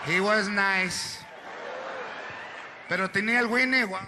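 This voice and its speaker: A man voicing a stubborn, blunt old Mexican grandmother who mutters in a low, worn voice, mixing Spanish and English. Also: unhurried. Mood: wistful. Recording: live theater show with crowd noise.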